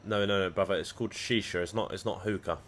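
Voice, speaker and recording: A man's voice: deep voice, fairly even intonation, fast, slight background noise. A man chatting casually on a livestream, rambling and swearing freely as he talks to his viewers. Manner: rambling, profane banter. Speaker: live trading streamer.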